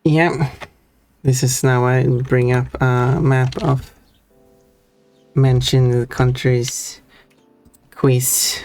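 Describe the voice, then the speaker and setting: A woman's voice: a bass voice, level tone, drawn-out words, pauses often, darkish tone, faint music behind. A woman chatting casually with a streamer on a call and making dry, offhand quips. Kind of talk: casual chat on a live stream.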